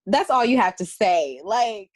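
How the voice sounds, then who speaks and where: A woman's voice: mid-range voice, very animated, a little slow, dry recording. A woman poet speaking candidly in an interview conversation, rambling through restarts and laughs, sometimes near tears. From Washington, D.C. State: tearful at times. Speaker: poet and guest.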